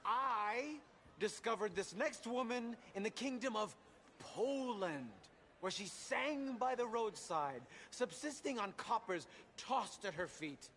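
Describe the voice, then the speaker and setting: Grandiose stage announcer. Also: male voice, high-pitched, expressive, takes it slowly, fairly bright tone, heavily acted. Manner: grandiose, joking showman. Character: showy theatre announcer, grown man. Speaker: stage master of ceremonies. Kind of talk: theatrical stage patter. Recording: game audio with background noise.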